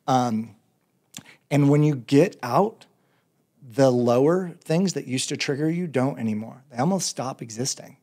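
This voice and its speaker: A man's voice: medium pitch, normal speed, dark tone. Earnest male podcast guest. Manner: earnest, spiritual talk, laughs often. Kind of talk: casual conversation.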